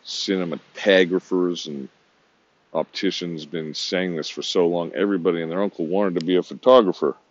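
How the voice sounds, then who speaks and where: A man's voice: low-pitched, fairly even intonation, normal speed, highs cut off. A man talking to himself in a rambling, disjointed monologue, swearing now and then.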